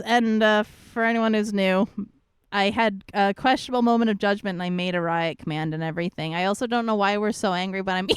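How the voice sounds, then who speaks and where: A woman's voice: medium pitch, smooth, dry recording, studio quality. A woman streamer in casual chat, greeting viewers one by one in a bubbly, playful way.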